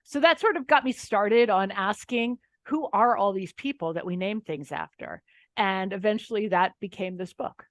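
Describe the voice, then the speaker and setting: A middle-aged woman from Pennsylvania, a nonfiction author, telling anecdotes in a lively, wry way. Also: mid-range voice, moderate pace, no room sound. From Pennsylvania, USA. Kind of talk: casual interview storytelling.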